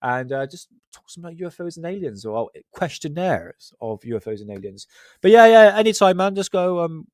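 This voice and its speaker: A man's voice: fairly high pitch, big pitch swings, brisk, a little mellow, dry recording, studio quality. A man with a West Country English accent hosting a livestream, chatting casually in joking, sweary, self-mocking banter. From Southwest England. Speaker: livestream host.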